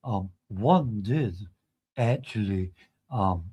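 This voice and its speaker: A man's voice: lowish voice, animated, very slow, dark tone, slightly rough. A man with a Scottish accent, rambling through crude, sweary stream commentary.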